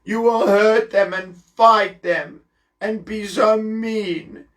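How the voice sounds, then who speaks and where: A man's voice: high-pitched, steady tone, slow pace, fairly bright tone, pitched above the performer's own voice. A man voicing a sorrowful old prophet. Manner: sad, earnest.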